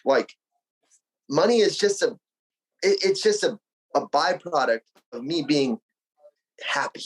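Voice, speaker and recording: A man's voice: a little high, lively intonation, a little slow, long pauses, husky, low-quality recording. A man from Arizona, a podcast guest, talking in an emphatic, slangy and upbeat motivational way. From Arizona, USA. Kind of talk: casual conversational interview.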